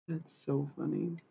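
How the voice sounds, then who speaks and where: Woman streamer w/ vocal fry, rambly and sweary, just chatting w chat. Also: deep voice, heavy background noise. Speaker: livestreamer. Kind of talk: casual chat with viewers.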